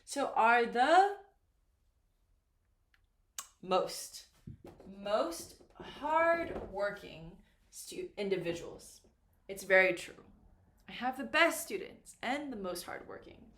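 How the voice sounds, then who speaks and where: Lively, slow-paced woman English teacher. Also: fairly high pitch. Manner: patient, prompts learners with questions. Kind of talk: slow, clear classroom explanation. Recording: echoey room with faint noise.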